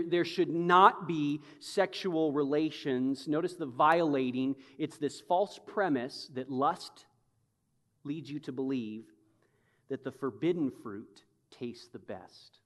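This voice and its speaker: A man's voice: fairly high pitch, long reverb tail. A man preaching a sermon with emphatic, conversational delivery and touches of humor. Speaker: pastor.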